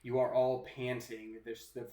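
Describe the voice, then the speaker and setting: A man's voice: mid-range voice, level tone, measured pace, dark tone. A man narrating as game master of a tabletop game, talking casually with fillers and restarts. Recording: roomy sound with music behind.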